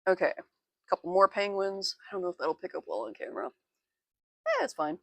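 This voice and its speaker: A young woman with a low, gravelly voice talks through her sketchbook in a loose, chatty way. She pokes fun at herself and giggles between remarks. The sound is close and dry. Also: very animated, brisk, no room sound. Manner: chatty, self-deprecating, giggly asides. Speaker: artist showing her sketchbook. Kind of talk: casual sketchbook tour.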